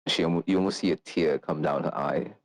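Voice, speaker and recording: Deep-voiced man narrating a tabletop game. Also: brisk, no echo, poor audio. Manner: rambling, with many fillers and restarts. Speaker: game master.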